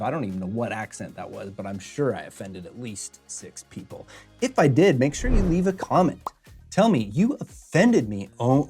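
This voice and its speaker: Upbeat man with a lively voice teaching. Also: on the low side, breathy edge. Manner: chatty, upbeat and joking. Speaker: host and podcasting instructor. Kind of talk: screen-share tutorial walkthrough. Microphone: podcast mic through a mixer.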